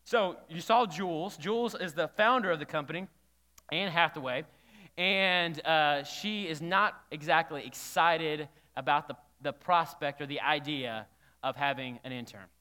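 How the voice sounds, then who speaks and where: A man's voice: a little high, a little slow, sharp tone. A man preaching a sermon as a pastor, talking conversationally and putting questions to the congregation. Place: church hall. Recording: reverberant church hall.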